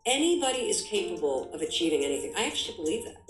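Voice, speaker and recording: A woman's voice: lowish voice, sing-song, rapid-fire, echoey room, faint music behind, low-quality recording. A woman giving an emphatic motivational talk as a guest, full of vivid examples. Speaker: guest speaker.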